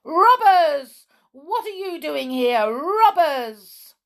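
A woman voicing a crowd of greedy gnomes in a shrill, shouting storybook manner. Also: very animated, drawn-out words, creaky, full character voice. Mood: alarmed.

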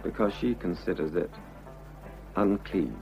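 Radio drama lead: a sincere, stammering married man, low voice, lo-fi old broadcast sound. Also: animated, creaky, soft background music, full character voice. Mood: earnest pleading. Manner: earnest, halting, pleading. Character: Arthur, unhappily married man confessing love. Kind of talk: vintage radio drama acting. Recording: dull lo-fi old radio recording.

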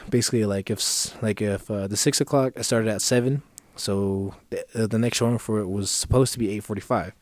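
A man's voice: lowish voice, fairly quick, a little mellow, dry recording. A man co-hosting a podcast, telling a story in casual profane chat and acting out the people he quotes in a raised voice. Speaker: podcast co-host.

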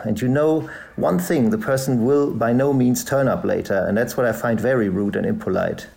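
Gravelly German man, hesitant. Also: mid-range voice, fairly even intonation, moderate pace, few pauses, darkish tone. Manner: hesitant, many fillers and restarts. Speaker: guest, journalist and author. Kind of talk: conversational interview answers. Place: podcast recording.

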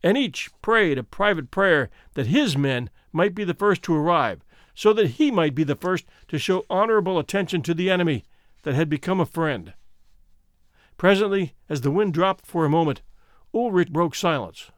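A male host and storyteller reads his narration with lively, expressive swings in pitch. His voice sits a touch high for a man. The sound is close and dry, with no room around it. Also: normal speed, no room sound. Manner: expressive, animated reading. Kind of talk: scripted narration.

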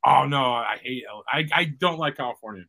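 A man from Missouri, a comedian hosting a podcast, talking in a deadpan, profane, rambling way over a video call. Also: mid-range voice, fast, vocal fry. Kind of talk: casual video-call chat.

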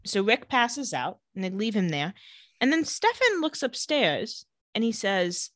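A woman co-hosting a casual chat, retelling scenes and quoting characters in quick voices. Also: mid-range voice, big pitch swings, fairly bright tone, no echo. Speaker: podcast co-host recapping a TV episode.

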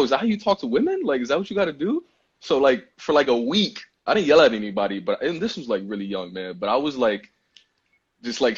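Husky New guy, muffled live stream. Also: mid-range voice. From Brooklyn, New York. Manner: animated storytelling with slang and many fillers. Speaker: guest. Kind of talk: casual chat. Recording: muffled Instagram live audio.

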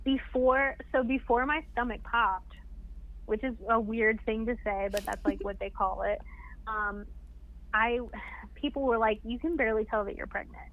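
A woman's voice: on the high side, moderate pace. A woman chatting casually as a podcast guest, laughing often and filling her talk with "like". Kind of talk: casual interview chat. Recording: tinny phone line.

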